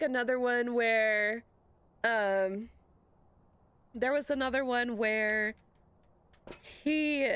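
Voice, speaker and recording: A woman's voice: sits high, a bit bright, dry recording. A young woman streamer chatting casually to her viewers, rambling through a story, laughing often and greeting people in an upbeat voice. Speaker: live streamer. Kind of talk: casual live-stream chat.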